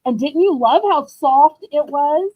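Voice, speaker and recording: A woman's voice: high-pitched, lively intonation, measured pace, muffled recording. A woman hosting a live online auction, chatting in a gushing, upbeat way as she shows items. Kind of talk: live selling stream chat.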